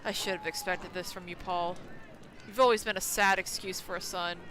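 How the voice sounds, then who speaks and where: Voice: medium pitch, steady tone, moderate pace, sharp tone, slight background noise, natural voice. A streamer reading the lines of a cruel, domineering middle-aged village patriarch from a game, in a scornful, threatening manner. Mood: contemptuous.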